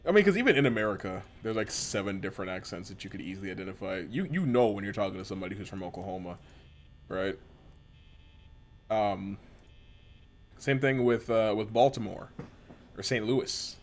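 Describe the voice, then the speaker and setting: Rambling, profane male streamer, lowish voice. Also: expressive, a little fast, long pauses, a little hiss or hum. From western US. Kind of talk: casual gameplay chat.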